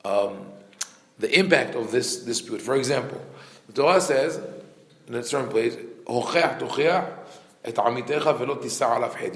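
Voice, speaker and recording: A man's voice: medium pitch, echoey room. A man, a rabbi, teaching a Torah class with rhetorical questions and frequent restarts.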